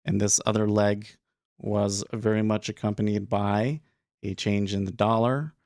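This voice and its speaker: A man's voice: fairly low pitch, flat delivery, a little slow, a little mellow, no room sound, studio quality. A young man casually talking through his trading day on a live stream, thinking aloud with frequent restarts and filler words.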